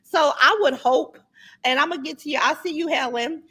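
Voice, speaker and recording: A middle-aged woman with a high, bright voice chats bluntly on a casual livestream. She runs through viewer comments in an easy, candid way, and her tone stays sharp and forceful. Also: normal speed. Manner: blunt, chatty, reads viewer comments aloud. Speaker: livestream host.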